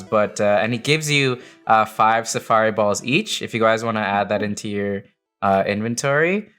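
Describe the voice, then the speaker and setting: A man's voice: fairly low pitch, normal speed, fairly bright tone, smooth, faint music behind. A man narrating as game master, explaining rules with many fillers and restarts.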